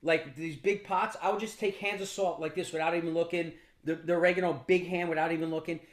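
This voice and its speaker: A high-voiced male business mentor addresses a mastermind group, telling motivational stories fast with fairly even intonation. He's casual and blunt with mild profanity, frequently restarting and repeating words.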